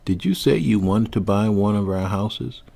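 A man's voice: fairly low pitch, moderate pace, gravelly, mellow, breathy edge. A man voicing a cheating white storekeeper who talks down with feigned innocence. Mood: dismissive.

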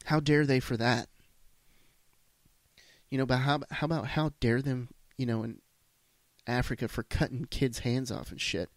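A man's voice: mid-range voice, steady tone, normal speed, long pauses, dry recording. A man hosting a solo podcast, ranting bluntly with lots of swearing and restarts. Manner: blunt, profane, rambling with restarts. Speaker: podcast host.

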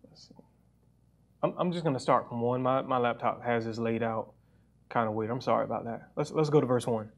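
A young man preaching a sermon in an earnest, personal way, often restarting his phrases. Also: medium pitch. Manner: reads scripture aloud faster.

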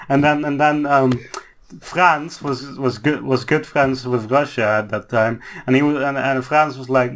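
Young guy, co-host type, rambling profane storyteller, mid-pitched, casual. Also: fairly even intonation, normal speed. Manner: rambling, profane, mock-dramatic quoting of countries. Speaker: podcast co-host. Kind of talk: casual podcast banter.

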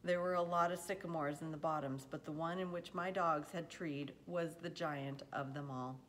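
A woman with a low voice reads a chapter of a novel aloud, unhurried and plain, now and then tripping over a word and starting again. A faint hiss sits under her voice. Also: steady tone, a bit bright. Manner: unhurried storybook reading with occasional stumbles and self-corrections. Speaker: reader.

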